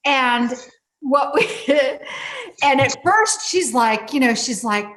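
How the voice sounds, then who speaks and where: A woman's voice: sits high, a little slow. A woman telling a story from one of her healing sessions in a casual talk, full of fillers, restarts and frequent laughter. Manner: lively, many fillers and restarts, laughs often. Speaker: healing practitioner guest.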